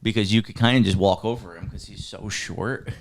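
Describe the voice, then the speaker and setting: A man's voice: lowish voice, a little fast, creaky, a little hiss or hum. A man co-hosting a podcast, chatting casually about a film and joking around. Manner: animated, joking, laughs often. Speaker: podcast co-host. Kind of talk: casual film review chat.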